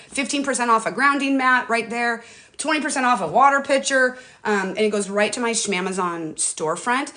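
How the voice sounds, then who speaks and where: A woman's voice: mid-range voice, a bit bright. A middle-aged woman chatting casually on her livestream, emotional and talkative, often calling out to her viewers. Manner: chatty, emotional, addresses viewers as "you guys". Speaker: livestream host. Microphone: phone or webcam.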